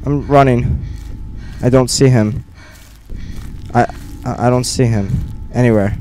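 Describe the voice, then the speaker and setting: A young man giving nervous let's play commentary on a horror game, muttering to himself and bursting into panicked yelps, recorded on a gaming headset in a dark room. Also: mid-range voice, takes it slowly, long pauses, a little hiss or hum. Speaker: gamer.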